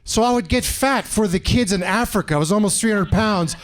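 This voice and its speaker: A man's voice: sits high, brisk, a little hiss or hum. A man in his forties from Canada doing a stand-up set on a club stage, telling stories animatedly and acting out other people's voices. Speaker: stand-up comedian. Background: audience laughter.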